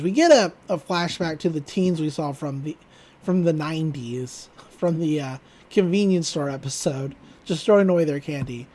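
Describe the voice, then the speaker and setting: Podcast host, mid-pitch voice, loose chatty delivery with casual swearing; recaps a cartoon episode. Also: lively intonation, moderate pace, darkish tone.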